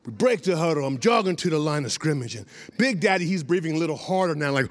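A man from Columbus, Ohio, a former football lineman, telling a lively story to an audience, acting out lines and breaking into shouts. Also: on the high side, fast. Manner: animated, acts out quotes, bursts into shouts.

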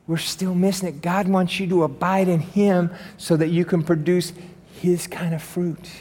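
A male pastor delivers an animated, emphatic sermon with joking asides. His voice sits slightly high and rings with a long reverb in a church sanctuary. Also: normal speed.

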